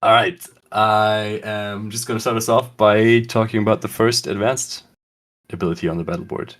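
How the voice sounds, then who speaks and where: A young man from Germany with a German accent, co-hosting a casual podcast about a tabletop wargame, relaxed and quick to laugh. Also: fairly low pitch. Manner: relaxed, laughs easily, slips into German words. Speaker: podcast co-host.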